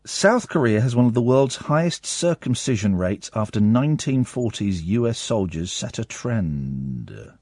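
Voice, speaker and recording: English man, husky radio host, animated delivery, jokey and mischievous, dry studio sound. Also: mid-range voice, unhurried, dry recording. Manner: jokey, mischievous, playful asides. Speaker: radio talk show host. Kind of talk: comedic live radio chat.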